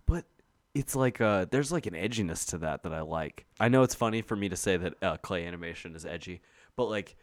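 A man's voice: sits low, animated, a little fast, dry recording. A man co-hosting a podcast in casual chat, meandering and swearing freely. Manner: chatty, meandering, profane. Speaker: podcast co-host.

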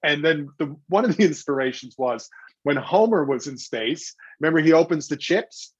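A middle-aged man with a husky, slightly breathy voice, spinning animated anecdotes and acting out quotes. The sound is dry and a little dull, as if recorded with a modest mic in a deadened room. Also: a little high, dry recording. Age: 40s or older. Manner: animated storyteller acting out quotes, quick restarts. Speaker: guest, television host. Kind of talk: anecdotal interview talk.

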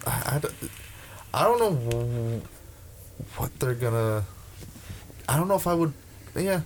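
A young man venting in a casual chat, profane and heated, tripping over his words as he starts sentences again. His voice sits at an ordinary middle pitch. A faint hiss of noise runs under the recording. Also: expressive, measured pace. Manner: profane, ranting, with many restarts.

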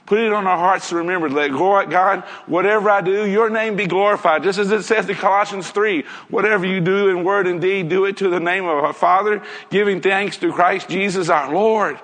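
A high-voiced man delivers an earnest sermon to his congregation, repeatedly posing rhetorical questions. His delivery is a little fast with fairly even intonation, few pauses and a fairly bright tone. A long reverb makes him sound as though he's in a large church hall.

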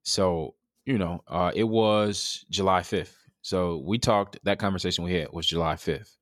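A man's voice: low-pitched, measured pace, no room sound, studio quality. A man in his thirties telling a personal story in an interview, reflective and earnest, with fillers and restarts. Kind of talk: candid conversational storytelling.

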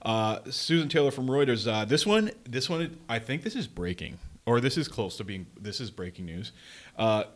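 This podcast co-host has a medium-pitched voice with lively intonation and a normal pace. His talk is a casual, meandering chat full of fillers and regular chuckles.

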